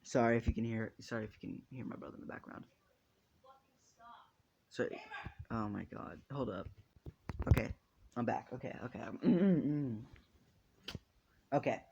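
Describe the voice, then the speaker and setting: A man's voice: lowish voice, vocal fry, noisy background. A man narrating an improvised fan story in a rambling, casual way, with many restarts and casual swearing.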